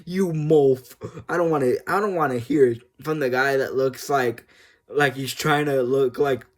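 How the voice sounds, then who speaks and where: A man's voice: mid-range voice, steady tone, normal speed. A man vlogging in a casual, emotional way about a game, laughing often and rambling with restarts. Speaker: gaming vlogger. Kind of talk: casual monologue.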